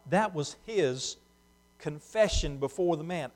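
A man preaching a sermon, moving between hushed, slow passages and loud, emphatic ones. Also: high voice.

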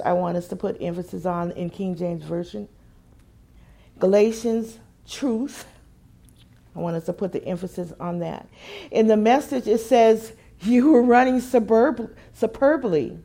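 A woman preaching a sermon, musing quietly at times and building to emphatic, repeated phrases at others. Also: mid-range voice, a little slow.

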